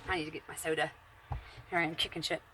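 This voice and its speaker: A woman's voice: low voice, little pitch movement, quick pace, sharp tone, slight background noise. A woman in her forties, chatting bluntly and profanely from her bedroom in a casual, rambling monologue. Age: 40s. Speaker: vlogger.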